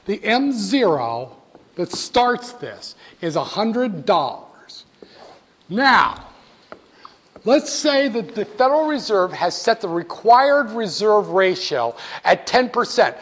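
A male instructor giving a classroom lecture in a jokey, animated way, talking straight to his students. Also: high-pitched, takes it slowly, slightly rough.

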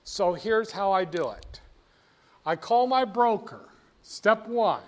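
A man's voice: sits high, big pitch swings, slow pace. A man lecturing a class, stressing key words and having students repeat phrases back to him. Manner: emphatic, drills terms, asks students to repeat. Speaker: teacher.

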